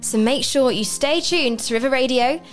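A woman's voice: sits high, moderate pace, soft background music. A young woman presenting a local radio show, chatting in a bubbly, easy way and laughing often. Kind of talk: casual radio chat. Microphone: studio microphone.

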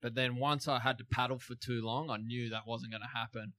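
Bright-voiced surfer, laid-back storyteller. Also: male voice, mid-range voice, brisk. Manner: relaxed storytelling with chuckles and restarts. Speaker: big wave surfer guest. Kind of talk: casual studio interview. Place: studio.

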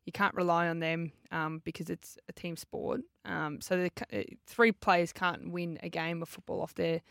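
A woman's voice: fairly low pitch, level tone, moderate pace, vocal fry, fairly bright tone, dry recording, clean studio sound. A young Australian woman, a footballer co-hosting a podcast, chatting casually with lots of fillers and easy laughs.

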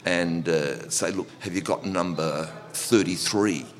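A man with a very low voice rambles through his stories in a long-reverb recording. He keeps restarting his sentences and laughs easily as he talks about his pub. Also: unhurried. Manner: rambling, repeats words and restarts, laughs often. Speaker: pub owner, guest. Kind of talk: relaxed storytelling.

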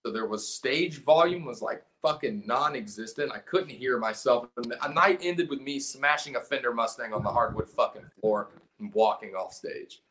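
On a podcast, a South Carolina man who sings and plays guitar in a punk band tells a story casually, swearing, rambling, and restarting frequently. He speaks at normal speed in a mid-range, fairly bright voice.

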